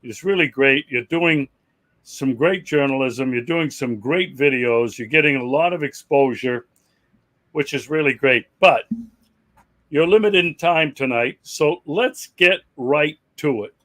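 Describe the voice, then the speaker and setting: Friendly talk show host, loose delivery. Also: male voice, medium pitch, measured pace, fairly bright tone. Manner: friendly, loose, restarts sentences. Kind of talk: interview host chat.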